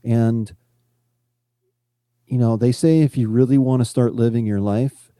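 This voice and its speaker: A man's voice: mid-range voice, steady tone, a little slow, mellow, clean tone, no room sound. A man co-hosting a podcast, talking in a casual, reflective way with many "you know" fillers. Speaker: podcast co-host.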